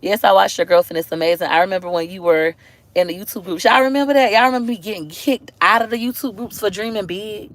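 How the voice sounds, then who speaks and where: A lively woman with an African American accent talks casually to her livestream viewers. She chats in a loose, animated way and often jumps into high, mocking voices when she quotes other people. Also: quick pace, no echo. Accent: African American English. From Tampa, Florida. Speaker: livestream host.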